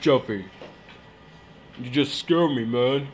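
A man's voice: mid-range voice, takes it slowly, slight background noise, lightly acted. A man voicing an exasperated, scolding father in a puppet parody skit. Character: exasperated grown father, easily flustered.

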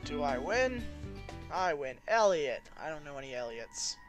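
A man's voice: a little high, very animated, unhurried, music in the background. A man giving casual, rambling, self-deprecating commentary while playing a video game. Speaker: let's play host.

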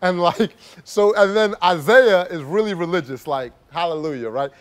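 A man's voice: high voice, normal speed, clear, resonant tone. A man casually telling a personal story to camera as a travel vlogger, rambling and filling his talk with "like". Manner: rambling, heavy use of "like", laughs while telling.

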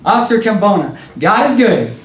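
A man's voice: high voice, big pitch swings, moderate pace. A young man, a spoken word poet, reading his poems to a live audience with laughing, rambling asides between pieces. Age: young adult. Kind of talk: poetry reading with casual banter. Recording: roomy, distant live recording with faint noise.

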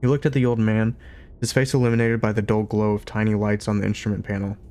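A man reading a novel aloud at an easy pace, with an occasional slip of the tongue. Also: lowish voice. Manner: steady, unhurried storytelling with occasional slips. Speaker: audiobook reader. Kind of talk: amateur audiobook reading.

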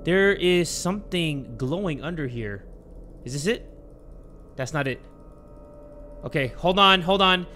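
A young man playing a horror game and commentating, joking, swearing and yelling when startled. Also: a little high, unhurried, pauses often, a little hiss or hum. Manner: excitable, joking, profane, yells when startled. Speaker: gaming video host. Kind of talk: let's play commentary.

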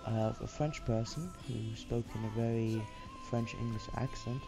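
A man's voice: mid-range voice, steady tone, a little slow, vocal fry, hardly any pauses, music in the background. A man hosting a let's play, chatting casually and muttering to himself while he builds. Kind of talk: casual gameplay commentary.

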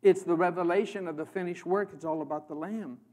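A man from the American Midwest preaching a sermon as a guest preacher, swinging between loud proclamation and hushed emphasis. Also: high-pitched, steady tone, a little fast. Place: church.

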